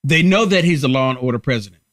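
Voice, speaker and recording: A man's voice: mid-range voice, animated, fast talker, a bit bright, no echo, studio quality. A man hosting a live political commentary stream, talking emphatically and repeating himself to rally viewers. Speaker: host of a political livestream.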